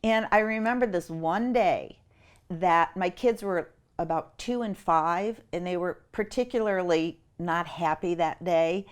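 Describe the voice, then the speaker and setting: A middle-aged woman telling a personal story as an interview guest, animated and acting out what others said. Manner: animated, acts out quotes with big pitch jumps.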